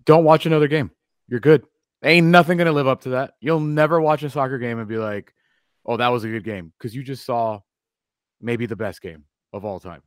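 A man co-hosting a sports talk radio show in a studio, relaxed and enthusiastic, using casual slang. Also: mid-range voice, brisk, no echo.

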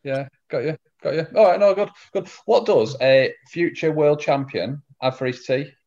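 A man with a northern English accent, an interviewer who asks quick questions in an upbeat, casual way. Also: a little high, darkish tone, highs cut off.

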